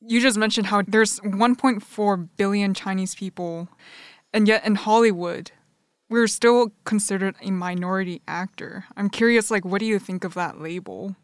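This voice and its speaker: A woman hosting an interview, asking curious, measured questions. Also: mid-range voice, fairly even intonation, no echo, studio quality. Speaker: podcast host.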